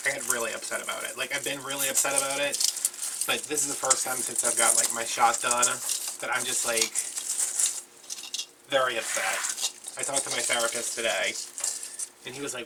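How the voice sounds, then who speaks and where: A man's voice: mid-range voice, steady tone, fairly quick, long pauses. A man chatting casually and rambling while showing a crafts project as a DIY vlogger. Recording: from a distance, loud background noise.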